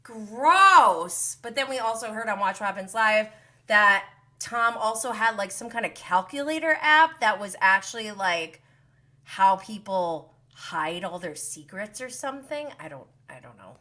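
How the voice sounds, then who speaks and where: A woman hosting a live-stream gossip recap, talking in an animated, sarcastic way with exasperated asides. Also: medium pitch, normal speed.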